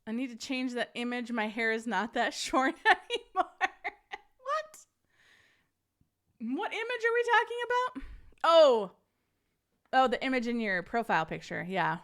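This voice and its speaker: A woman's voice: a little high, sing-song, unhurried, pauses often, fairly bright tone. A woman hosting a casual live-streamed podcast, chatting with viewers and reading a story aloud, laughing often.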